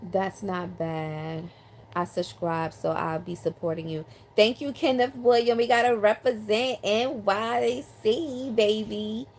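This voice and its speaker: An older woman from New York City, a line dance teacher, chats on a live stream from her South Carolina home, reading viewer comments aloud with lots of ums. Her mid-range voice is slow, picked up on a phone or handheld mic with slight background noise.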